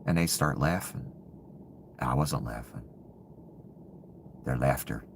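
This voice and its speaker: Man, extremely deep voice, bitter contemptuous rant, swears, drops to hushed mutters, faint background hiss. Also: slow, gravelly, long pauses. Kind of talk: ranting monologue.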